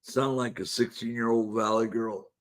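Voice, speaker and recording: A man's voice: mid-range voice, steady tone, normal speed. A man hosting a casual live-stream panel show, laid-back and chuckling as he coaxes guests to join. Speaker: livestream show host.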